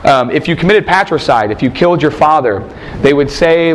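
A man's voice: on the high side, animated, fairly quick, a little hiss or hum. A man teaching a Bible class, quizzing his students and joking between points. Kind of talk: classroom lecture with questions.

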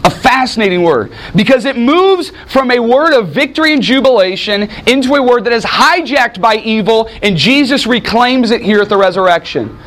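A man preaching a sermon, dramatic, swinging from loud bursts to hushed lines and acting out quotes in voices. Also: very high voice, lively intonation, moderate pace, hardly any pauses. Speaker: pastor.

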